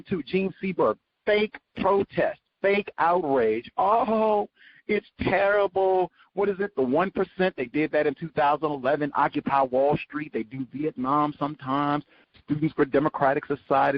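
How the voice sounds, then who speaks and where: A man hosting a book study show, giving sarcastic, animated commentary as he reads. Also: medium pitch, husky, dull audio. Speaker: host.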